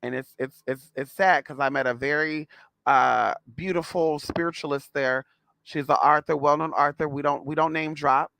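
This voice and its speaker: A man's voice: fairly high pitch, fairly even intonation, normal speed, creaky, bright, forceful tone, no room sound. A man telling a story to his viewers in a sassy, blunt, casual way, calling them girl and honey. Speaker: spiritual vlogger.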